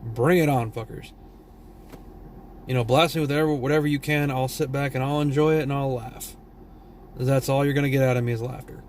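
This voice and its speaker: A man's voice: mid-range voice, steady tone, a little fast, long pauses, darkish tone, slight background noise. A tired man from Texas with a Southern drawl, vlogging a blunt, profane, rambling rant. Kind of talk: casual opinion rant.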